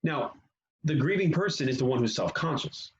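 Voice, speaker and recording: A man teaching a church class on grief in a conversational manner, often pausing with fillers and restarting his sentences. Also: fairly high pitch, lively intonation, husky. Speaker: pastor. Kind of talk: teaching session. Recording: dull lo-fi sound.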